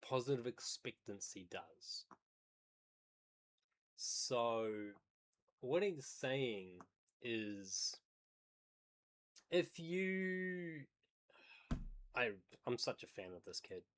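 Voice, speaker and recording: A man's voice: medium pitch, animated, extremely slow, pauses often, fairly bright tone. A man who day trades, livestreaming and thinking aloud as he comments on a video, hedging and explaining as he goes.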